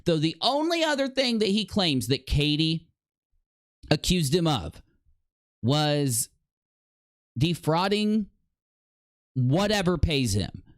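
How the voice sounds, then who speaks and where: A man's voice: fairly high pitch, big pitch swings, takes it slowly, long pauses, dry recording, studio quality. A man hosting an online commentary video, confronting his opponent directly in a mocking, combative way. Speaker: commentary host.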